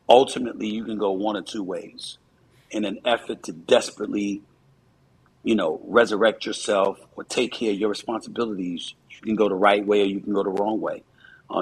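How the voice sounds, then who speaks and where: A man's voice: on the low side, breathy edge, poor audio. A man in his fifties, a commentator, giving earnest, reflective interview answers with frequent fillers.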